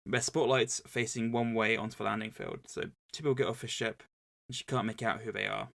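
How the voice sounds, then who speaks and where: A man's voice: fairly low pitch, fairly even intonation, a little fast, creaky, a bit bright. Chatty man retelling a story. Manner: rambling, chatty retelling with many fillers and restarts. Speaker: podcast co-host. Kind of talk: casual book club chat, retelling a plot.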